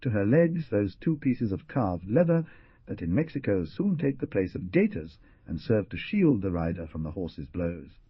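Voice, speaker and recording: A man narrating an adventure audiobook in an expressive storytelling manner. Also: fairly low pitch, normal speed, slightly rough, no room sound, dull audio. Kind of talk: scripted narration.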